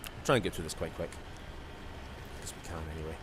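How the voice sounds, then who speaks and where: A man's voice: sits low, fast talker, background noise. A man with a Scottish accent, streaming a video game with rambling, jokey casual commentary. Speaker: gaming streamer.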